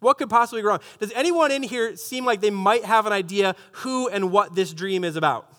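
A man's voice: sits high, a little fast, bright, forceful tone. A man preaching a sermon to a congregation, reading scripture and breaking into joking asides. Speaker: pastor.

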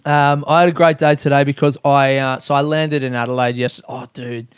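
A young man hosts his own solo podcast in loose, rambling chat, swearing and laughing at himself as he goes in a self-mocking way. His mid-range voice is flat, fairly quick and clean in tone, with no echo but dull audio.

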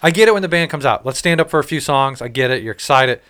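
A man's voice: medium pitch, lively intonation, quick pace, a bit bright, smooth. A man in his late thirties, ranting and cursing his way through a casual story about a concert. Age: 30s. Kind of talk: casual chat.

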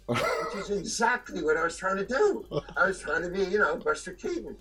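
An older man, an actor being interviewed, telling stories in a halting way with restarts and chuckles. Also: sits high, big pitch swings, sharp tone, slightly rough, soft background music, low-quality recording. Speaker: actor guest. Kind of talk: anecdotal storytelling.

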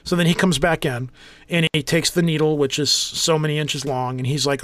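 A man's voice: fairly high pitch, a little fast, fairly bright tone, no echo. A man, co-hosting a podcast and telling a rambling, joking story full of acted-out quotes. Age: 40s. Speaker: podcast co-host. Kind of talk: casual storytelling chat.

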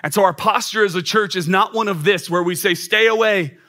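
A man's voice: high voice, fast talker, sharp tone. A man in his thirties preaching a sermon as a pastor, emphatic and repetitive, with rising exclamations. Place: church auditorium.

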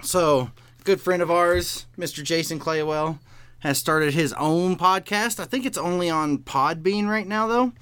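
Smooth-voiced man on a casual podcast. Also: on the high side, measured pace, a bit bright, no room sound. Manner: laid-back, laughs often, swears casually. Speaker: podcast co-host.

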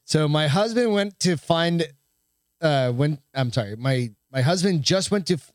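A man's voice: a little high, expressive, a little slow, clean tone, no echo, studio quality. A man co-hosting a casual podcast, swearing freely and stumbling as he reads a news story aloud. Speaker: podcast co-host. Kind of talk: casual chat.

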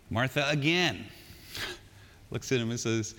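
A male pastor delivering a sermon in a church, conversational and animated, with joking asides. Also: fairly high pitch, moderate pace, long pauses. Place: church sanctuary. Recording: long hall reverb.

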